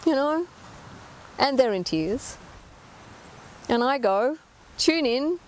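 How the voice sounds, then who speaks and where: A woman's voice: high-pitched, expressive, takes it slowly, darkish tone, slight background noise. A middle-aged woman giving an earnest talk as an animal communicator, emphatic and full of rhetorical questions.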